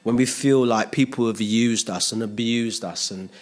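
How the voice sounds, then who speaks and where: A man's voice: mid-range voice, normal speed. A man preaching a sermon as pastor, earnest and emphatic, repeating phrases and asking the congregation rhetorical questions.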